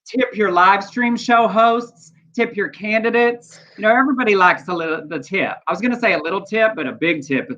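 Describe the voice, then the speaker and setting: A man's voice: high-pitched, fairly quick, few pauses, sharp tone. Wry, playful male co-host reading news items, muffled lo-fi stream audio. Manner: playful, wry, reads stories aloud. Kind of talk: casual news chat.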